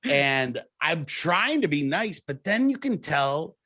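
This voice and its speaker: Animated storytelling man, dry sound. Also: fairly high pitch, slow, no echo. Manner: animated, laughing storyteller who acts out quotes. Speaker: comedian guest. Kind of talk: casual storytelling chat.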